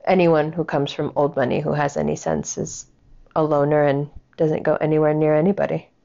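A woman's voice: sits low, little pitch movement, a little fast, gravelly, warm tone, lo-fi sound. A woman giving a casual commentary rant, blunt, sarcastic and full of swearing.

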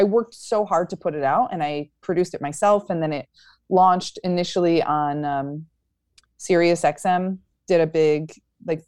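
Brief: young woman comic, lowish voice, dry close sound, upbeat and rambling. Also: darkish tone, dry recording. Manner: upbeat, many fillers and restarts. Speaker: stand-up comedian guest. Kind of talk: casual interview chat.

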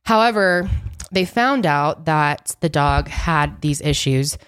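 A woman's voice: sits low, expressive, slow, a bit bright, clear, resonant tone. A young woman co-hosting a podcast, chatty and recounting a story in casual conversation. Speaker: podcast co-host. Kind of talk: casual chat.

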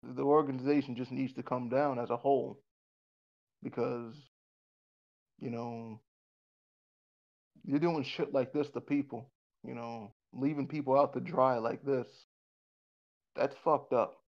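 Gravelly guy rambling and cursing, lots of restarts, dull lo-fi sound. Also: medium pitch, steady tone, unhurried, long pauses, a little mellow. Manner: rambling, frequent restarts and repeated words; blunt, swears freely. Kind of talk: casual conversation.

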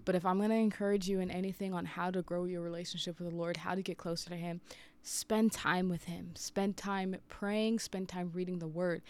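A woman's voice: lowish voice, little pitch movement, fairly quick, slight background noise. A woman in her thirties, a preacher, sharing an earnest, confessional story in a personal devotional talk. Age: 30s.

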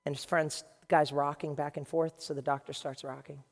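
A male pastor preaching to his congregation in a lively, conversational way, with quick asides to the room. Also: fairly high pitch, creaky. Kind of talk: sermon. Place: large church hall with a congregation. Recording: long reverb of a large hall.

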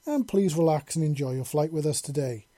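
A man reading the lines of a playful, devoted young man in armor who teases gently and speaks tenderly to his partner. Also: fairly high pitch, fairly quick, no room sound, lightly acted. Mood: mock pilot. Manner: playful, teasing, then gentle.

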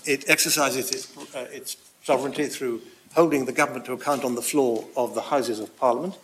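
A man making a formal courtroom argument, speaking in a halting way with frequent pauses. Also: medium pitch, steady tone, fairly bright tone, a little hiss or hum. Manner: formal, halting with many uh's. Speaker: barrister.

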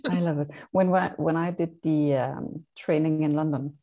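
A woman's voice: sits low, steady tone, moderate pace, dark tone. A woman from Denmark with a Danish accent, co-hosting a podcast in casual, chatty talk and laughing often. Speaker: podcast co-host. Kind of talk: casual chat.

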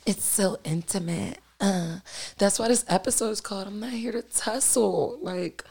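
A woman in her thirties hosting a solo podcast from her dining room table at home, talking loudly and candidly with lots of filler and swearing. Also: low-pitched, expressive, moderate pace, creaky. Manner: loud and boisterous, candid, profane, filler-heavy. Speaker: podcast host. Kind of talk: casual solo podcast monologue.

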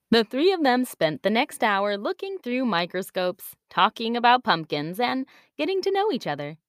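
A woman reading a children's story aloud with an expressive storybook cadence. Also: mid-range voice, no echo, studio quality.

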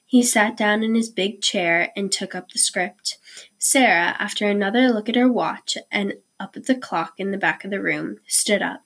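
A woman reading a children's chapter book aloud in a clear, steady storytelling manner. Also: medium pitch, a little slow. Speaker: reader.

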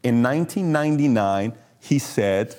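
A man's voice: mid-range voice, lively intonation, warm tone. A man hosting a podcast, telling anecdotes with quoted back-and-forth. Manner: brisk, tells anecdotes with quoted dialogue. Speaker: host. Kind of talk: casual podcast conversation.

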